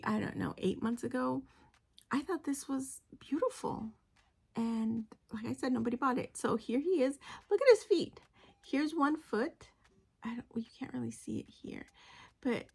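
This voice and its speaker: A woman's voice: a little high, creaky, husky. A woman chatting casually in a crochet vlog, rambling and often dropping to a whisper. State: unwell with a migraine. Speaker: crochet vlogger. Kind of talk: casual chat. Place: home.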